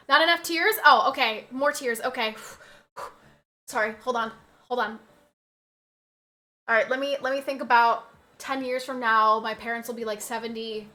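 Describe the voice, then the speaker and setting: A woman's voice: a little high, fairly even intonation, normal speed, long pauses, bright, forceful tone. A woman in her twenties chatting casually on a livestream, reading out and answering chat with frequent laughs. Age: 20s.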